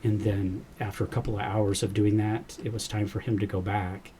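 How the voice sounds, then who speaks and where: A man's voice: on the low side, flat delivery, normal speed, warm tone, a little hiss or hum. A man, a podcast guest, earnestly recounting a personal experience and quoting the dialogue as he goes. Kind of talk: personal storytelling in a podcast interview.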